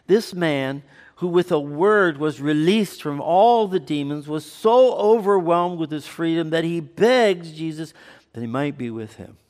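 A man preaching a sermon to his congregation. He talks in a conversational way and throws in quick asides and banter. His slightly raised voice rings out with long reverb in a church hall. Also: on the high side. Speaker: pastor.

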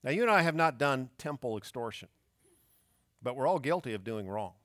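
A man's voice: medium pitch, expressive, moderate pace, a bit bright, no room sound, studio quality. A man preaching a sermon as pastor, emphatic and fond of rhetorical questions.

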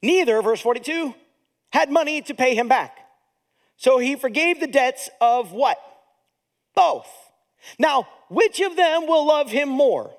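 A man preaching a sermon as pastor, in a lively, conversational way that mixes jokes and acted-out voices into his teaching. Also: very high voice, measured pace, long pauses.

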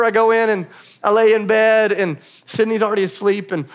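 A man in his thirties, a pastor, preaching a sermon in a conversational way with quick asides and self-deprecating humor. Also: high-pitched, little pitch movement, noisy background.

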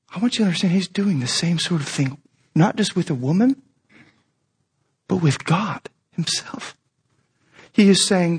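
A man preaching a sermon as pastor, conversational and animated, often asking rhetorical questions. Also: high voice, a little slow, pauses often, slightly rough.

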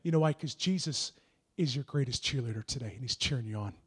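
A young man preaching a sermon, earnest and encouraging, building into shouted prophetic declarations. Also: medium pitch, fast talker, husky.

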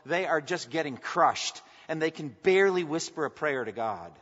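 A man's voice: a little high, lively intonation, normal speed, fairly bright tone. A pastor preaching a sermon with passion, climbing to emphatic peaks as he reads scripture. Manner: impassioned, rising to emphatic peaks when reading scripture. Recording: dull sound with long hall reverb.

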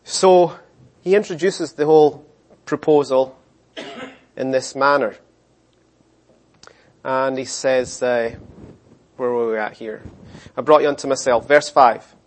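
A middle-aged man preaching a sermon, animated, acting out the voices of the people in his story. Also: medium pitch, slow, long pauses. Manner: animated, acts out voices of complainers and God. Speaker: pastor.

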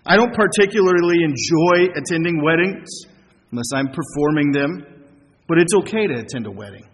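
A middle-aged pastor preaches with earnest conviction, throwing rhetorical questions at his listeners and slowing down to stress key words. His voice sits fairly high for a man. A long reverb trails his words through the church, with a faint hiss underneath. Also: expressive. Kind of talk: sermon.

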